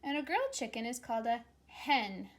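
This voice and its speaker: A woman teacher reading a picture book aloud to young children, gently coaxing them to repeat animal sounds. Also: on the high side, animated, moderate pace.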